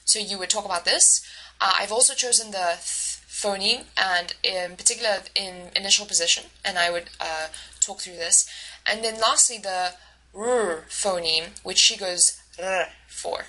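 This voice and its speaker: A woman's voice: medium pitch, moderate pace, pushed and bright, poor audio. A woman instructor giving a recorded lecture, explaining step by step with frequent fillers and self-corrections. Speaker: university instructor.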